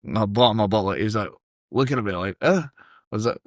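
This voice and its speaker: A Scottish man spins a lively, sweary yarn in a casual podcast chat. His voice sits fairly low. The sound is dry and close, with no room echo. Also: quick pace. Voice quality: sweary, animated storyteller. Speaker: podcast guest. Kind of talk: casual storytelling.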